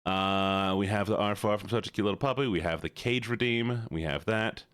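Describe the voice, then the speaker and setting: A man's voice: on the low side, steady tone, moderate pace, fairly bright tone, clean tone, no echo. A man streaming live, chatting with his viewers in a playful, teasing way.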